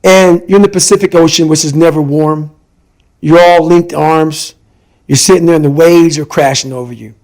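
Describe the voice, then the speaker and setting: A man with a fairly high voice for his sex tells a hard personal story in conversation. He is emphatic and intense, repeating lines to drive each point home, and he speaks as a podcast guest. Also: fairly even intonation, moderate pace, a little mellow, low-quality recording.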